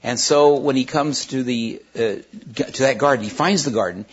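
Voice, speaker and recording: Husky man reading a story aloud. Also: medium pitch, lively intonation. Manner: plain, somewhat halting retelling with restarts. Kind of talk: retelling and reading a children's novel aloud. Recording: dull lo-fi recording.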